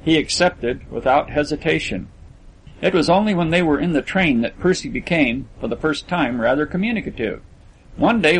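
A man narrating a literary story as an audiobook, in a measured storytelling manner. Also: on the high side, husky, poor audio.

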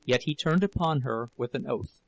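A man narrating a novel in an audiobook with a steady, measured reading. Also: mid-range voice, vocal fry, no room sound, rough recording. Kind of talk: scripted narration.

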